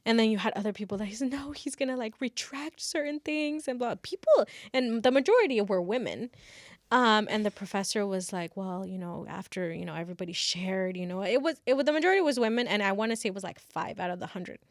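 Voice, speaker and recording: A young woman chats casually on a podcast, acting out the people in her story. She sometimes drops into Spanish phrases. Her voice sits at a middle pitch and is recorded dry and close. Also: fast talker, no echo. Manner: animated storyteller who acts out quotes, mixes in Spanish phrases. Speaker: podcast co-host.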